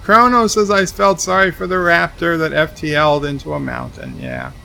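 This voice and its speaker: A man's voice: on the high side, moderate pace, creaky, pushed and bright, slight background noise. A man streaming a game, reading chat messages aloud and answering them with dry asides. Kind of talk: casual livestream commentary.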